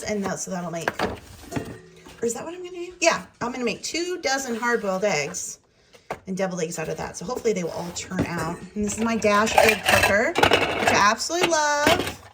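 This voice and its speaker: A woman's voice: fairly high pitch, animated, moderate pace, background noise. A woman chatting casually through a home vlog while she cooks in her kitchen. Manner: chatty, talks through chores and to her dogs. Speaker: vlogger.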